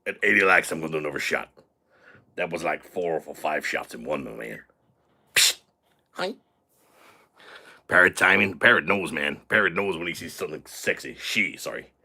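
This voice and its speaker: A crude, boastful drunk man, put on by a live-stream host, rowdy and swaggering. His voice sits very low with a husky grain, yet it cuts through with a bright, forceful edge. He sounds tipsy from the shots he keeps taking. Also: moderate pace, pauses often, full character voice. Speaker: livestream host. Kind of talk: live stream chat in character.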